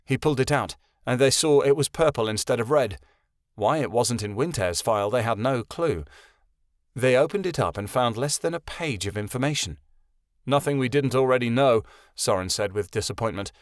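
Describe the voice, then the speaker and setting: A man narrating a fantasy audiobook in a steady storytelling voice. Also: medium pitch, moderate pace, dry recording, clean studio sound. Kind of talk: scripted narration.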